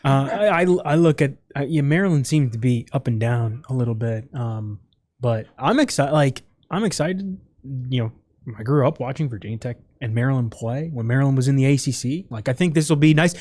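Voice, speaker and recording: Mellow man chatting with restarts. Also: mid-range voice, animated, fairly quick, no echo. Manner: hesitant, many restarts and fillers. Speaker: podcast co-host. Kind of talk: casual sports chat.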